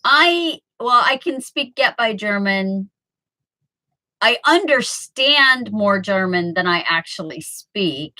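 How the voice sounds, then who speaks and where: A woman's voice: medium pitch, lively intonation, takes it slowly, pushed and bright, rough recording. A woman in her early fifties chatting casually with viewers from home on a webcam, rambling and laughing often. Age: 50s. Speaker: live streamer chatting with viewers. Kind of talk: casual chat.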